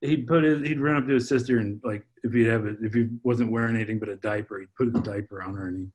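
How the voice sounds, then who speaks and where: A man on a podcast, telling a heartfelt personal story in a halting way, full of restarts and repeated words. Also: on the low side, fairly even intonation, a little mellow. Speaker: podcast guest, father. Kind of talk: heartfelt personal testimony in conversation.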